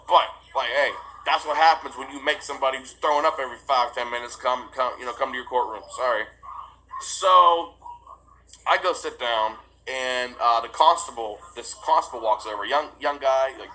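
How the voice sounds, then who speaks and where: Bright-voiced man telling a casual story. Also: mid-range voice, rough recording. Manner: rambling, animated retelling with quoted dialogue. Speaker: vlogger. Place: new house with no furniture yet.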